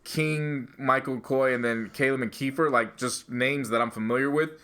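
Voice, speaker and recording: A man's voice: medium pitch, moderate pace, sharp tone. A man co-hosting a podcast, casually talking over music reviews and arguing his point at length with restarts. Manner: argumentative, explains at length, trails off in restarts. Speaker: podcast co-host.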